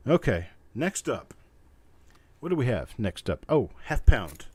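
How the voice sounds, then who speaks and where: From a cluttered room at home, a man runs a live coin auction, chanting bid calls again and again and chatting casually in between. His medium-pitched voice is very animated, with a darkish tone and a breathy edge, and he calls bids rapidly and repetitively with casual asides.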